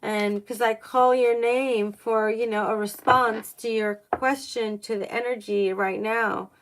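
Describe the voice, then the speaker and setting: Woman doing a live tarot stream, kinda high voice, slow and halting, lots of gasps and oh my gods. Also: slight background noise. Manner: halting and excitable, many gasps and "oh my God"; restarts sentences, thinks aloud. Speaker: tarot reader on a livestream. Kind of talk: live-streamed tarot reading, chatting with viewers.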